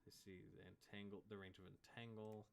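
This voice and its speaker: A man narrating combat as game master in a relaxed, chuckling way. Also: lowish voice, a little fast, gravelly, a little hiss or hum.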